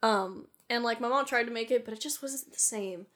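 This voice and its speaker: A woman's voice: medium pitch, a little fast, few pauses. Giggly, swearing woman podcast host. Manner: giggly, swears freely, heavy use of "like". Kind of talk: casual chat.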